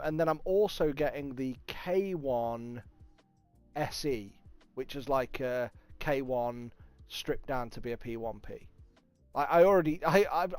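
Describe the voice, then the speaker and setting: A man with a Nottingham accent hosting a casual livestream, chatting, swearing freely and thanking viewers with bursts of excitement. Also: medium pitch, smooth, no room sound. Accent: Nottingham English. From England. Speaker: livestream host. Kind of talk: casual livestream chat reading viewer comments.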